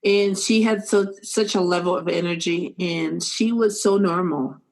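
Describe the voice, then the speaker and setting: Animated woman host, playful and laughing. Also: fairly low pitch, a little slow. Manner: animated, laughs often, bursts into playful acted quotes. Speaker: podcast host. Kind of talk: casual podcast chat.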